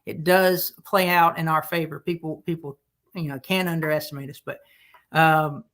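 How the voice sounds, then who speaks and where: A man with a Southern United States accent answering as a podcast guest, easygoing and pausing to search for words. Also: fairly high pitch, fairly even intonation, fairly bright tone. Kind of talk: casual interview answers.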